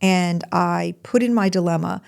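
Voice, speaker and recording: Gravelly low-voiced woman telling a story. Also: normal speed. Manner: chatty and rambling, with frequent restarts and asides. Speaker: podcast host. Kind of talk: personal storytelling monologue.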